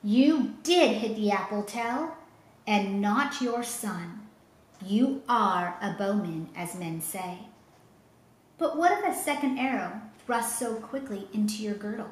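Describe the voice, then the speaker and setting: A woman's voice: fairly high pitch, animated, normal speed, hardly any pauses, natural voice. A woman voicing a cruel, scornful male governor who mocks and threatens, in a storybook reading. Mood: demanding. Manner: mocking, gloating. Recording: roomy echo.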